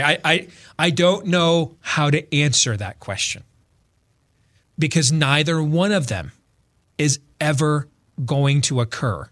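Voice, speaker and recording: A man with a slightly high voice takes his time as he hosts a talk show. Bantering casually, he tells lively stories, frequently stammering and starting over.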